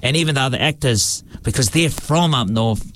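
A man's voice: medium pitch, fairly quick. A man from New Zealand's East Coast with a New Zealand accent, a stage actor chatting relaxedly about his roles. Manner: relaxed and chatty, with many fillers and restarts. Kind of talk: casual interview talk.

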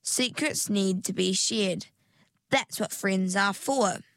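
A woman voicing a sensible, cautious girl in a storybook, calm and matter-of-fact. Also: mid-range voice, slow, dry recording. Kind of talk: storybook character voice.

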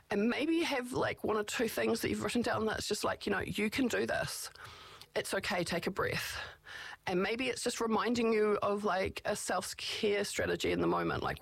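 Reflective advice-giver, rough gravelly tone with a breathy edge, rambling and candid. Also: medium pitch, a bit bright, no echo. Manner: candid, reflective, speaks in rambling run-on phrases. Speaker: speaker giving self-advocacy tips. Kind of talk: casual advice talk.

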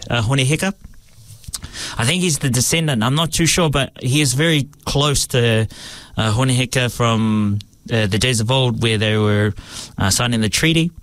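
A man's voice: medium pitch, moderate pace, a bit bright, no echo. A young man, a stage actor answering interview questions in a hesitant way, with many fillers and restarts.

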